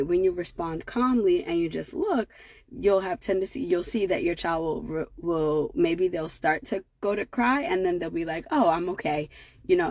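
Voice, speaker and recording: A parenting educator in her thirties gives a motivational talk to parents in a low, slightly mellow, slightly rough voice, recorded dry. Her delivery is conversational, full of fillers and tag questions, and she keeps checking in with "right?"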